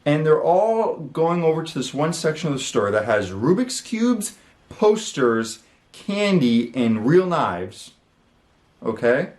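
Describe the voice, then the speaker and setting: A man's voice: fairly high pitch, big pitch swings, slow, darkish tone, echoey room. A man hosting his channel, telling a story in a casual, rambling way, with lots of fillers and the odd swear word. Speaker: channel host. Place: his room.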